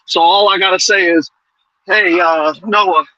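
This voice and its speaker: A man's voice: high voice, steady tone, unhurried, pushed and bright, dry recording, dull audio. A man calling in to a sports podcast, talking in an easygoing way as a fan and swearing casually. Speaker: call-in guest. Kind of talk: casual chat.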